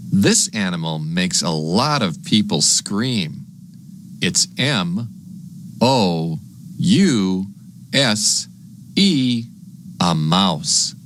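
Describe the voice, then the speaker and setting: A man teaching young children animal names, spelling each word slowly letter by letter and making animal sounds. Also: low voice, a bit bright, a little hiss or hum.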